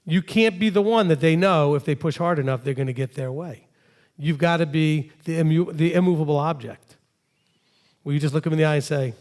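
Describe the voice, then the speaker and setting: Animated high-voiced rabbi with gravelly edge. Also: male voice, a little fast. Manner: animated preacher acting out conversations. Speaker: rabbi teaching a congregation. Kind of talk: sermon-style teaching with acted dialogue.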